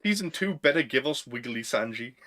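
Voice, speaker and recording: A man's voice: medium pitch, lively intonation, a little fast, bright, forceful tone. A man with a Northern English accent, co-hosting a casual podcast chat, who talks in slang and laughs often. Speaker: podcast co-host.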